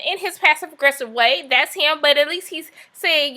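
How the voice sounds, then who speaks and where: Young woman, chatty and sassy recap host; bright tone, slightly high pitch. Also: moderate pace, hardly any pauses. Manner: chatty, sassy asides, acts out quotes. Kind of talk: casual recap commentary.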